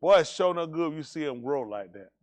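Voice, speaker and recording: High-voiced man teasing his congregation. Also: lively intonation, brisk. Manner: joking, teasing, folksy. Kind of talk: casual banter with congregation on livestream.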